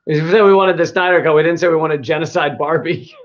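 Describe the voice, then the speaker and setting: A man's voice: on the high side, fairly even intonation, quick pace. A man hosting a casual comedic chat, rambling with many fillers, restarts and laughs. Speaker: podcast host. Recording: dull lo-fi sound.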